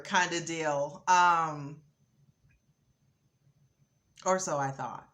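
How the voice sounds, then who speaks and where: A woman hosting her own channel, talking casually to camera with many ums and a building excitement. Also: on the low side, takes it slowly, long pauses. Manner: relaxed, lots of ums, rising excitement. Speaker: vlogger host.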